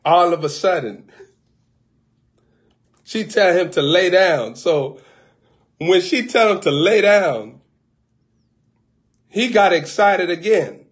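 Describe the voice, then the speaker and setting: A man preaching, telling a comic story in an animated, colloquial way. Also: sits high, slow, pauses often.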